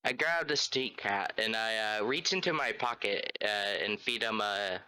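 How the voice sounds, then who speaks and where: A man playing a tabletop game, describing his actions haltingly with fillers. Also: lowish voice, animated, bright, forceful tone, clean tone, low-quality recording. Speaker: player. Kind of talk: casual tabletop play.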